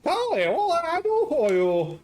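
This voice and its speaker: A man's voice: very high-pitched, wildly swooping pitch, a little slow, darkish tone, voice pushed up, full character voice. A man voicing a cheerful middle-aged Greek restaurant owner in a game, with a put-on Greek-Scottish accent and a chatty, exclaiming manner. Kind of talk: reading game dialogue aloud.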